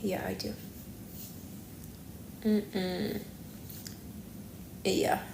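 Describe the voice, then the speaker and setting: A woman's voice: medium pitch, flat delivery, very slow, whispered. Rambling woman livestreaming in an echoey room. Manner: rambling, self-correcting, thinking aloud. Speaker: livestream host. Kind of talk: casual livestream chat. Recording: echoey room with faint background noise.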